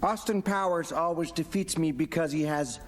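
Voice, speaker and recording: An actor playing a pompous, scheming male supervillain who speaks deadpan with theatrical pauses. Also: fairly high pitch, slight background noise, natural voice. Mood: smug. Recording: film audio with reverb and music.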